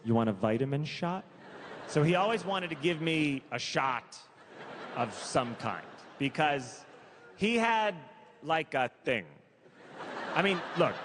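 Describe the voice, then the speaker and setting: A man performing stand-up comedy, telling a story in a conversational way, stacking asides and self-corrections and delivering absurd details deadpan. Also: fairly high pitch, background noise. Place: comedy club stage before a live audience. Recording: reverberant venue with crowd ambience.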